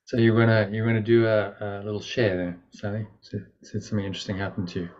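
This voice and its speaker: A man hosting a video call, relaxed and a little hesitant as he invites participants to share. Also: fairly low pitch, fast talker. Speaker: session host. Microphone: video call microphone. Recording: dull lo-fi call audio with faint noise.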